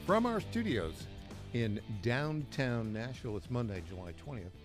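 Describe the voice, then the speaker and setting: Man, talk radio host, news rundown, sarcastic asides, lively pitch. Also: moderate pace, over music. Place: radio studio.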